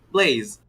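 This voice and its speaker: Bright, excitable young male esports caster. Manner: excitable, playful, teasing banter. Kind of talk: play-by-play commentary. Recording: faint game noise behind.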